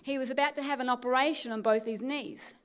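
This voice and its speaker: A woman preaching a sermon, telling stories and slowing down to stress key phrases. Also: sits high, fairly even intonation. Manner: storytelling, emphatic preaching with slow stressed phrases. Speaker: pastor.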